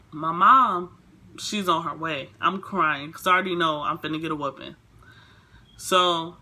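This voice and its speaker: A young woman vlogger telling a storytime in a casual, rambling way, full of fillers. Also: lowish voice. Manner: rambling, filler-heavy, animated retelling.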